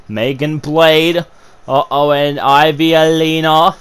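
A man doing amateur play-by-play commentary on a wrestling video game, excitable and full of fillers and stammered restarts. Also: mid-range voice, unhurried.

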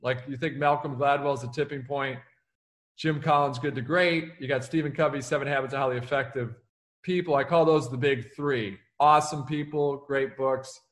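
A man who is an author and keynote speaker, answering interview questions in an energetic, punchy motivational way and acting out the lines he quotes. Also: mid-range voice, moderate pace. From United States.

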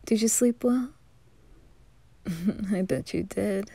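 A woman voicing a gentle, doting young father in a whispered role-play, talking softly with light laughs. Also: mid-range voice, slow, dry recording, exaggerated voice. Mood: tender. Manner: soft, tender, breathy whispering with light laughs.

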